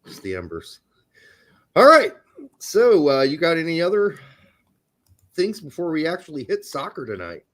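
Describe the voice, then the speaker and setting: Wry, teasing man with a lively voice. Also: fairly high pitch, moderate pace, pauses often. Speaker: podcast co-host. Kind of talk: casual chat.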